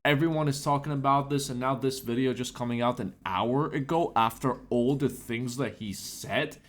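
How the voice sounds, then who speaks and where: A man giving a sarcastic, indignant commentary rant as a YouTuber, his pitch jumping up for emphasis. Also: moderate pace, fairly bright tone.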